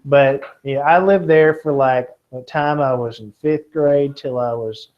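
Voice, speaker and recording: A man from Kentucky teaching a class of students, lively and joking, often checking in with "okay?". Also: medium pitch, a little slow, muffled recording. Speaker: test prep teacher.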